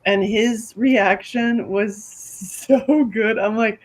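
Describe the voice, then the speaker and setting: A woman co-hosting a casual podcast chat, telling stories in an animated way and often laughing. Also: a little high, drawn-out words, poor audio. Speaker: podcast co-host.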